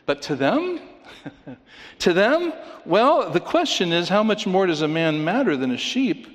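In a large hall, a man with a high, sing-song voice speaks at an unhurried pace. He preaches a sermon in a storytelling manner, tells a joke, reads scripture, and poses rhetorical questions to the congregation.

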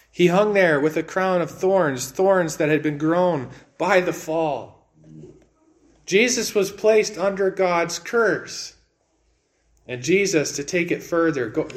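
A man delivers an earnest sermon in a slightly high voice, repeating words and moving back and forth between loud and hushed delivery.

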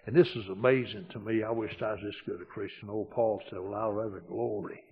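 A man, a pastor preaching a homespun storytelling sermon that drops quiet and then swells loud for emphasis. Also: on the low side, steady tone, quick pace. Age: 60s. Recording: dull lo-fi recording.

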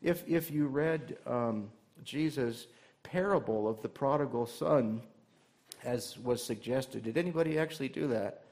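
A man's voice: medium pitch, measured pace, a little mellow. A male pastor delivering a conversational sermon to his church, asking the congregation rhetorical questions and adding light humor.

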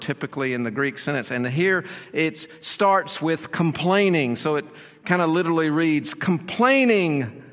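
A man's voice: on the high side, a bit bright, in a large hall. A man preaching a sermon as pastor, explaining the passage with rhetorical questions and repeated phrases.

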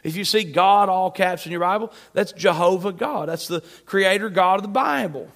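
A male pastor preaching a Sunday sermon, emphatic, swinging between loud and soft. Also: high-pitched, normal speed, creaky. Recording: long hall reverb.

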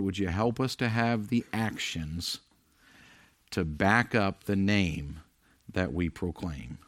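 A middle-aged man preaching a sermon as pastor, earnest and confessional, rising loud then dropping quiet. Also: fairly low pitch, no room sound, clean studio sound.

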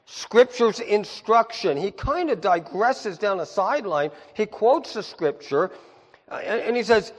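A male pastor preaching with a fairly high, lively voice that swings from quiet asides up to emphatic peaks. His words ring out with the long reverb of a big hall. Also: a little slow. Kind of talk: sermon.

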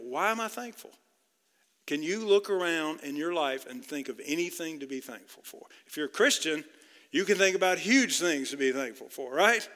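A man's voice: high-pitched, moderate pace, pushed and bright, long reverb tail. A male pastor preaching a sermon in an earnest way, with many restarts and repeated words.

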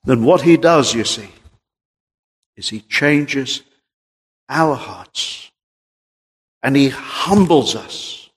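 Preacher in an echoing hall. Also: male voice, expressive, drawn-out words, pauses often, slightly rough. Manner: impassioned, rising to high emphatic peaks then dropping low and quiet. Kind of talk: sermon. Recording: long reverb of a large hall.

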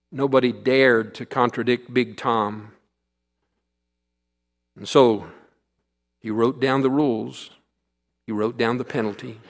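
A man's voice: mid-range voice, steady tone, a little slow, pauses often. A male pastor delivering a sermon, telling a story in an earnest way.

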